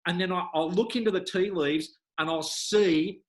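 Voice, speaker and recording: A man's voice: high-pitched, fairly even intonation, normal speed, poor audio. A man, a hypnotherapist guest, telling stories in a playful, jokey way. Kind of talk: casual chat.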